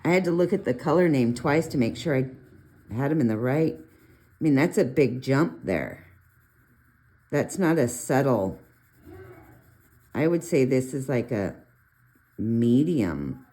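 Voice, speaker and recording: Chatty low-voiced woman giving art tips. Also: a little slow, long pauses. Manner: chatty, rambling asides, animated pitch jumps. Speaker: colored pencil artist reviewing pencils. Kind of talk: casual art tutorial talk.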